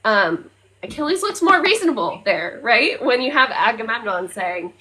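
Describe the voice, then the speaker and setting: A woman's voice: a little high, normal speed, rough recording. Casual, salty-mouthed woman podcast host. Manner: animated retelling, often swears, fillers, loses her place.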